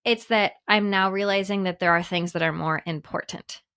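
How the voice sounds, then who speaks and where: A woman's voice: medium pitch, steady tone, normal speed, a bit bright, clear, resonant tone. Candid woman podcast co-host telling stories. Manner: candid, storytelling with laughs between phrases. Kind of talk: casual chat.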